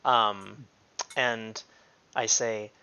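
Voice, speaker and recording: A man's voice: fairly low pitch, fairly even intonation, extremely slow, sharp tone, clear, resonant tone. A man player speaking hesitantly with many fillers.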